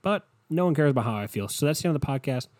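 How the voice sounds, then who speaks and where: Young guy doing a solo podcast, swears a lot, sarcastic, mellow voice, dry close mic. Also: mid-range voice, lively intonation, very fast, no echo. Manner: profane, sarcastic, acts out quoted voices. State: tired, worn out. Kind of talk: casual rambling monologue.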